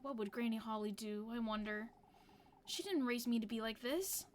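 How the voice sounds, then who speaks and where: A woman reading game dialogue in a lower, dry voice as a gruff, sharp-tongued young village woman. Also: normal speed, slight background noise, lightly acted. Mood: brooding. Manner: curt, dry and grumbling.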